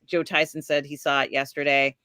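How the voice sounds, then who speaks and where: Bright-voiced woman host, dry close mic, rambling and chatty. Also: sits low, flat delivery, brisk, dry recording. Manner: rambling, many fillers, laughs while talking. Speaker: podcast host. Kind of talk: casual live-stream chat.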